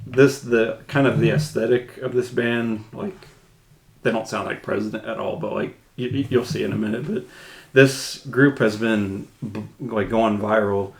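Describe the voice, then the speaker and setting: A man's voice: on the low side, fairly even intonation, moderate pace, vocal fry, rough recording. Chatty male podcast host. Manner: chatty, loose, trailing phrases. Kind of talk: casual chat.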